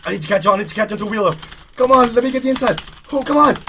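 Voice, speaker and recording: A man giving excited live commentary while playing a cycling race game, urging himself on, repeating phrases and shouting. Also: extremely high pitch, very fast, slight background noise. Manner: urgent, repetitive, shouting in excitement. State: out of breath. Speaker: gaming YouTuber.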